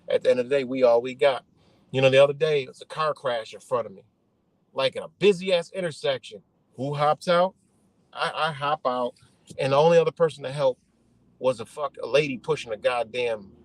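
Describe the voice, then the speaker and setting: A man's voice: mid-range voice, low-quality recording. A man ranting heatedly to his live stream audience, swearing a lot and circling back over his points in an emphatic, repetitive way. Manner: repetitive, restarts mid-thought. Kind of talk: profane ranting monologue.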